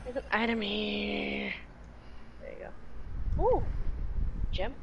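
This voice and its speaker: A woman with a mid-pitched voice chats playfully while gaming with a partner on a stream. She giggles often and jokes around. Faint noise runs beneath her voice. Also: slow pace, gravelly. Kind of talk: casual live gaming chat.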